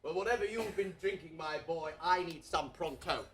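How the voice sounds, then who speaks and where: A man's voice: a little high, moderate pace, a bit bright, a little hiss or hum, close to an everyday voice. A man playing a hungover, foul-mouthed posh older king in a comedic audio play, with a plummy, blustering way of talking.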